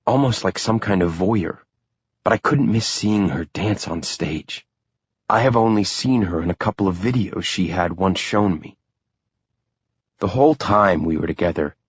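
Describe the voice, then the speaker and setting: A man narrating an audiobook in the first person, relaxed and conversational. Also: low-pitched, husky, no room sound, muffled recording.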